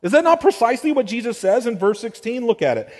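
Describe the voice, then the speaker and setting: A man preaching a sermon as pastor, moving between quiet explanation and emphatic, rising declarations. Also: very high-pitched, fast talker. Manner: animated preaching, swings between soft and emphatic. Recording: reverberant hall.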